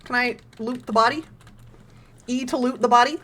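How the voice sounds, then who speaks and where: A young woman streaming a horror game, excitable, laughing often and swearing casually. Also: a little high, normal speed. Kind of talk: casual gameplay commentary.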